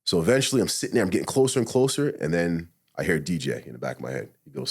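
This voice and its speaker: A man's voice: low-pitched, rapid-fire, husky. A middle-aged man, a podcast guest, telling a personal story candidly, swearing often and acting out his own thoughts as quotes. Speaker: podcast guest, retired SWAT officer.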